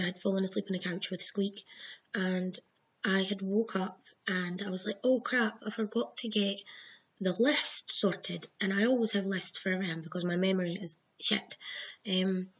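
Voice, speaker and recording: Husky lady rambling thru a story, swears a lot, kinda muffled lo-fi sound. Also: mid-range voice, level tone, normal speed. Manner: rambling, swears freely, acts out her own past lines. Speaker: vlogger telling her own dream experiences. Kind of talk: casual storytelling to camera. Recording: dull lo-fi home recording.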